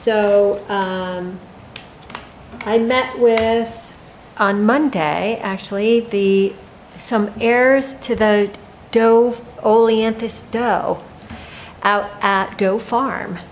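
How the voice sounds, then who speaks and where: A woman delivers her coordinator's update at a town meeting at a slow, easy pace. She talks informally and stops often to gather her thoughts. A faint hum sits under her voice. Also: mid-range voice, fairly even intonation, rough recording. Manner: unhurried, informal report with frequent pauses. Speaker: land stewardship coordinator. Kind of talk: staff report at a town meeting.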